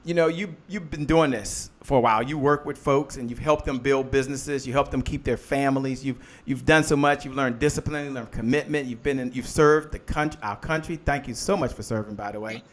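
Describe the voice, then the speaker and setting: A man's voice: mid-range voice, a little fast, hardly any pauses. A man hosting a live motivational business show, preaching in call-and-response and greeting viewers by name. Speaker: host.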